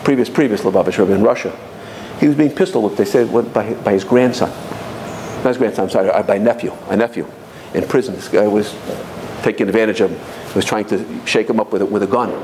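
Fast-talking animated male religious storyteller. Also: on the low side, background noise. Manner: animated, repetitive restarts, Hebrew and Yiddish terms. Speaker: religious teacher. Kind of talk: storytelling sermon.

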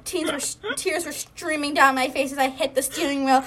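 Giggly high-voiced young woman reading aloud. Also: steady tone, brisk, background noise. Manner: giggly, breaks into laughter while reading. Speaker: host reading her old writing. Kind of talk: comedic dramatic reading with laughter.

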